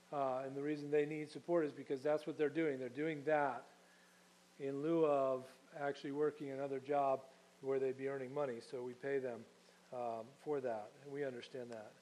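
A man's voice: mid-range voice, a little mellow, rough recording. A man preaching a sermon as pastor, teaching in a conversational way and putting questions to his congregation.

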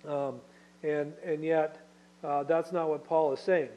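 A man's voice: fairly high pitch, little pitch movement, unhurried, highs cut off. A man preaching a Bible-study sermon in a conversational way, with fillers and rhetorical questions. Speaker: pastor.

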